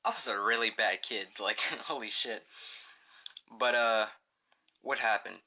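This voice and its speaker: A man's voice: lowish voice, unhurried, pushed and bright. A young man rambling profanely through a casual storytime as a gaming channel host, full of filler words.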